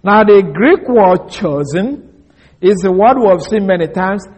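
Husky high-voiced male preacher. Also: expressive, a little mellow. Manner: slow, deliberate reading of scripture with stressed words. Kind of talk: expository sermon.

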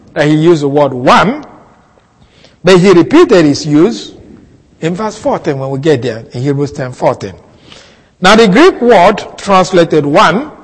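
A man teaching a Bible passage in a sermon, slow and deliberate, repeating key words for emphasis. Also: on the high side, in a large hall, poor audio. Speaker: preacher.

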